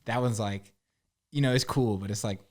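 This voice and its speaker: A man's voice: lowish voice, moderate pace. A young man as a podcast guest in a casual chat, laid-back, peppering his talk with "like" and "bro" and acting out quotes.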